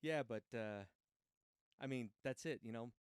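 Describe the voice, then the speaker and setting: A man's voice: medium pitch, a little slow, clean tone, dry recording, studio quality. Laid-back, swearing man telling stories. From Mexican upbringing. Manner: profane, laid-back storyteller who acts out quotes. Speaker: podcast host. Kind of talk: casual chat.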